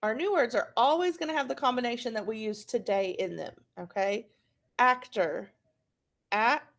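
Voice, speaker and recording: A woman's voice: on the high side, fairly quick, gravelly. A woman teacher leading a patient, encouraging phonics lesson for young children.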